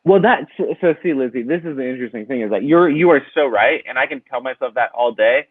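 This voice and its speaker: A man's voice: mid-range voice, lively intonation, fast, dry recording. A man asking for advice on a comedic call-in show, anxious and rambling, full of fillers, heard over a video call. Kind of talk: casual comedic advice chat. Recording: tinny phone-like dry line.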